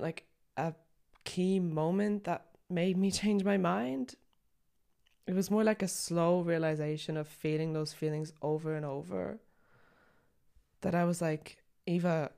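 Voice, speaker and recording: Young woman host, low voice, raw confessional monologue, blunt and emotional, occasional swearing. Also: creaky, dark tone. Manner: raw, candid, swears, on the edge of tears. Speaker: podcast host. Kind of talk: personal reflective monologue.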